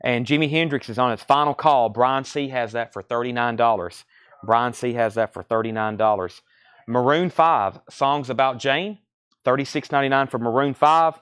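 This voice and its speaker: A man runs a live record sale, rattling off titles and prices in a brisk, casual patter. His voice is smooth and clear, at a middle pitch for a man. The sound is dry and close, with little room echo. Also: fairly bright tone. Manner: brisk auctioneer-style listing of titles and prices. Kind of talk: live-stream sales patter. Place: record shop.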